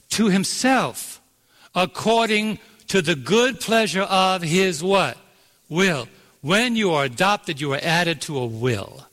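A man's voice: fairly high pitch, pushed and bright. A man preaching a sermon, telling a story and drawing out key words, asking the congregation to fill in answers. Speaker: pastor. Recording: long reverb of a large hall.

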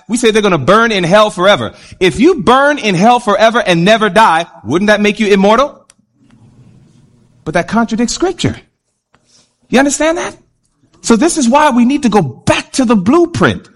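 A man preaching a sermon to a congregation, animated and often asking the audience questions as he reads and explains Bible verses. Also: sits high.

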